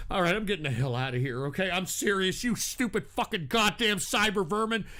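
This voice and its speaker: A man's voice: high voice, a little fast, bright, forceful tone. A man hosting a call-in show, ranting angrily and cursing at trolls in the chat room. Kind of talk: angry profane rant.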